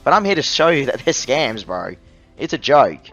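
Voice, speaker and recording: A man's voice: medium pitch, very animated, normal speed, a bit bright, faint music behind. A man reviewing a phone app in a voice-over, ranting angrily and scornfully about being ripped off. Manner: angry, exasperated, scornful ranting.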